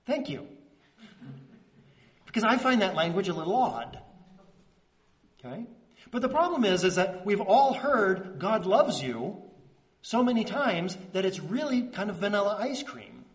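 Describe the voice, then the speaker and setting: A man preaching a conversational sermon as pastor, earnest and checking in with the congregation, slowing into soft pauses on key words. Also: high voice, big pitch swings. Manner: earnest, checks in with "right?" and "okay?".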